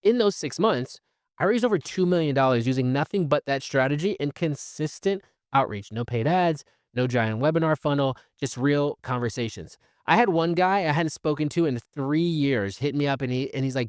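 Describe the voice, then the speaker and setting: A man's voice: medium pitch, normal speed, dry recording, studio quality. A man hosting a solo podcast, talking casually with fillers and restarts and acting out the conversations he describes. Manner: animated, acts out quoted conversations. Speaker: podcast host.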